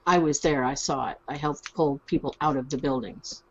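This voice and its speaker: A woman's voice: low-pitched, fairly even intonation, normal speed, a little hiss or hum. A woman playing an earnest young woman adventurer in a tabletop role-play game, speaking insistently and with animation. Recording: dull lo-fi mic.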